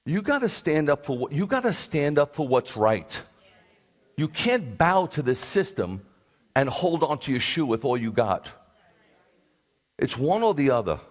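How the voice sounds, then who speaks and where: A man's voice: fairly high pitch, very animated, a little slow. A man who is a rabbi, preaching a sermon in a blunt, combative way with sarcastic asides.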